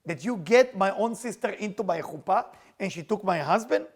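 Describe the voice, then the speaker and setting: A man voicing a grieving woman who protests loudly and slowly to God. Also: high voice, animated. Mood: indignant grief. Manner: loud, indignant, drawn-out pleading. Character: grieving matriarch, indignant and weeping, woman.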